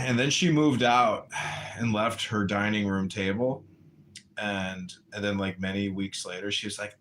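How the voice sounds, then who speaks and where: A man's voice: lowish voice, moderate pace, fairly bright tone. A man hosting a livestream, telling crude, meandering anecdotes in a casual monologue. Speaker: livestream host.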